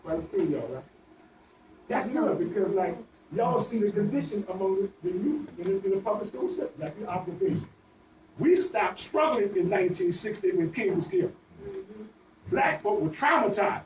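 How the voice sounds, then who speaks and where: A man's voice: high voice, expressive, moderate pace. An older man, speaking on a panel with impassioned, repetitive emphasis. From New Orleans. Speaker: panel speaker, veteran activist. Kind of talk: panel discussion. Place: community bookstore room. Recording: echoey room, distant mic, faint noise.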